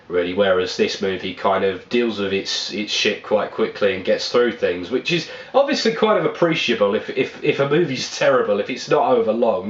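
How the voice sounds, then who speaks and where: A man's voice: lowish voice, roomy sound, muffled recording. A man giving a casual spoken movie review, rambling and blunt, swearing freely.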